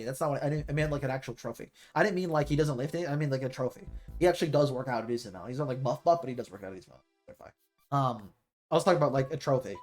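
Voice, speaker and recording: A man's voice: mid-range voice, very fast, a little mellow, soft background music. A man chatting casually on a livestream, rambling with lots of "like" and frequent self-corrections. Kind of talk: casual stream chatter about esports.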